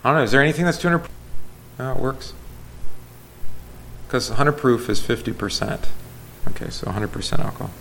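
A man's voice: mid-range voice, expressive, fairly quick, creaky, pauses often, a bit bright, slight background noise. A man leading a Bible study as a pastor, teaching conversationally, asking the group questions and correcting himself as he goes. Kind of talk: casual Bible class teaching.

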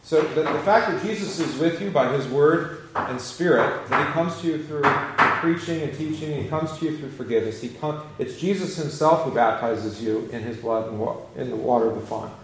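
A man's voice: mid-range voice, brisk, slight background noise. A man, a pastor, teaching a Bible study class in a conversational way and asking the group questions. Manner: conversational, asks questions, many restarts.

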